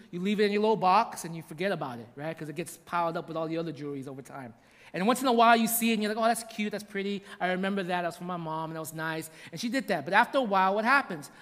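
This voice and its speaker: High-voiced preacher in a reverberant hall. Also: male voice, fairly bright tone. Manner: storytelling with frequent repetitions and "right?". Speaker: pastor. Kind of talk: sermon.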